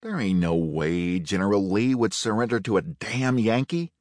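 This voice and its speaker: A man voicing a plainspoken former ranch cook with a slow, stubborn, folksy drawl. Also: fairly low pitch, darkish tone, no room sound, clean studio sound, lightly acted.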